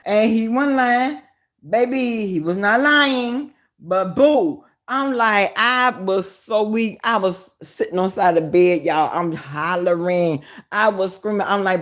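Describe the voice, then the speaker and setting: A woman with a Southern US accent talks straight to her viewers on a casual livestream. She is loud and animated, swears freely and hollers as she speaks. Her voice sits at a middle pitch for a woman. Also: measured pace. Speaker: vlogger.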